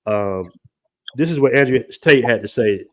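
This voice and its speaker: A man's voice: mid-range voice, animated, moderate pace, fairly bright tone. Casual man hosting a live stream. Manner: loose, slangy, conversational. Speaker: livestream host.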